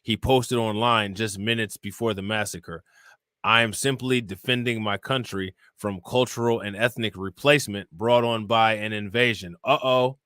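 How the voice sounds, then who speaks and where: The voice is male, fairly low, with fairly even intonation, moderate pace and a sharp tone, in clean studio sound with no room sound. In his live-stream crime show he loosely reads out news, charges, reports and chat, then reacts and questions the audience. "You know what I'm saying?" comes up again and again.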